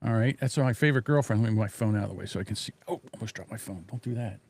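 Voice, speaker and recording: Hosting a casual live stream from his home desk, a man mutters to himself while fiddling with the software and tosses out blunt, profane jabs. His voice is on the low side and racing, picked up by a desk microphone.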